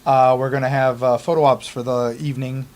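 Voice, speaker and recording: A man's voice: mid-range voice, little pitch movement, fairly quick, a little mellow. A man talking casually as a guest in a studio interview, rambling with many fillers. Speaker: haunt organizer guest.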